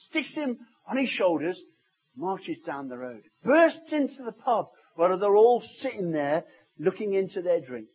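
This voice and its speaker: A high-pitched, husky male pastor preaches to his church, telling stories that rise loud and drop to a near hush. The recording is dull and lo-fi. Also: very animated, a little slow, pauses often. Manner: storytelling preacher, swinging from loud to hushed. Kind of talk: sermon. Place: church service.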